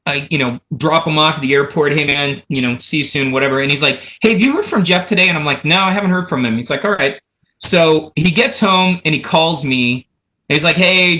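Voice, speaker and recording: A man with a fairly high, bright, forceful voice tells a rambling story, swearing freely and acting out what others said. He keeps the thread going with "so anyway" and "he goes". The sound is a bit dull and lo-fi. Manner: animated, profane, runs stories with "he goes" and "so anyway". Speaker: drummer and podcast guest. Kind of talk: casual storytelling.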